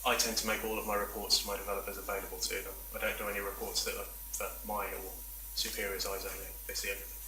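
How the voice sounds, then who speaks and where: A man's voice: on the low side, monotone, fast, hardly any pauses, bright, forceful tone, a little hiss or hum. A man giving a chatty, self-deprecating talk at a meetup, full of rambling asides. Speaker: conference speaker. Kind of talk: presentation talk. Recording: echoey room from far off.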